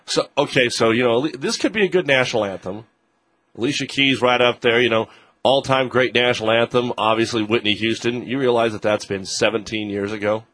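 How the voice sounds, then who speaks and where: A man hosting a sports radio show, briskly reading plugs and chatting about games. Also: mid-range voice, a bit bright. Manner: brisk, reads promos and plugs.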